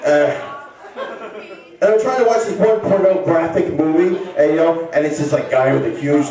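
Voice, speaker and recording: A male stand-up comedian rambling and stammering through a set, bursting into shouts. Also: a little high, normal speed. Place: bar stage with live audience. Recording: echoey club recording from far off. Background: crowd laughing.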